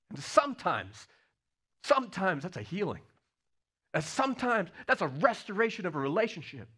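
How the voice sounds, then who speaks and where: A man preaching a sermon, telling stories with swings between loud bursts and hushed lines. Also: high voice. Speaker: pastor.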